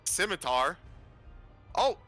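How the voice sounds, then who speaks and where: A man's voice: sits high, sing-song, slow pace, sharp tone, faint music behind. A man running a tabletop game as dungeon master over a voice call, casually calling out rolls and enemy moves.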